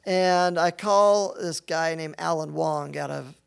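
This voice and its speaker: A man's voice: a little high, slow, gravelly, clear, resonant tone. A middle-aged man, a business founder, telling a story in a casual interview and acting out what people said. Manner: animated storyteller who acts out quotes.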